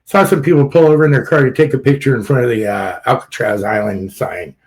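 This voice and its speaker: A man's voice: mid-range voice, quick pace, rough recording. A man hosting a podcast in casual political chat, blunt and rambling, swearing freely and laughing at his own jokes. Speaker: podcast host.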